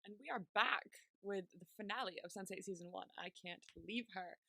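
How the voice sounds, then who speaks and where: A woman's voice: medium pitch, brisk, sharp tone, no room sound. A woman co-hosting a podcast, retelling TV scenes in casual chat and acting out the characters' lines with frequent laughter. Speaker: podcast co-host.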